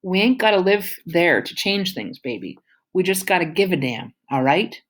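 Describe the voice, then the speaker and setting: A woman's voice: lowish voice, sing-song, moderate pace, voice pushed up. A woman reading a joking, easygoing father. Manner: easygoing, teasing, casual slang. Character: warm, joking father, middle-aged man.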